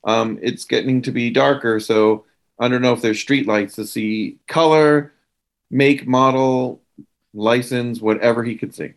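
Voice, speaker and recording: A man's voice: mid-range voice, steady tone, measured pace. Stammering man playing a tabletop game. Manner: stammering, hesitant. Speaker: player. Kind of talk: tabletop role-play, in-character speech.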